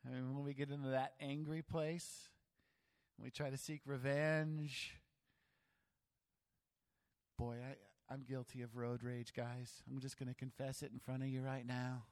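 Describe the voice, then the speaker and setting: A man preaching a sermon as pastor, animated, acting out voices and joking about himself. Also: medium pitch, measured pace, long pauses. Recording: long hall reverb.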